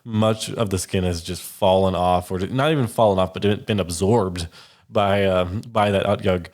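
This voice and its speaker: A man's voice: sits low, normal speed, a little mellow. A man narrating a tabletop game as game master, describing scenes casually with many "um"s and "like"s.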